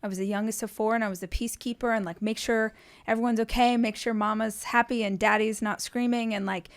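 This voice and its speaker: A woman's voice: a little high, steady tone, quick pace. A middle-aged woman hosting a podcast, talking casually with restarts and lots of "like.". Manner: rambling, restarts thoughts, many "like"s. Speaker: podcast host. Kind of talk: casual interview conversation.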